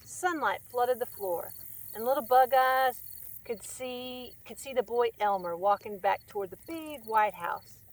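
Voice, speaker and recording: A woman's voice: a little high, unhurried. A woman hosting a storytime who reads a children's picture book aloud, friendly and chatty. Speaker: storytime reader and host.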